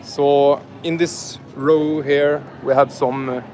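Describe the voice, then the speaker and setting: His voice is fairly high and a little mellow, with little pitch movement and a slow pace. This livestreamer banters with his audience from the car and later inside a big grocery store, filming on a handheld phone that picks up a little hiss or hum.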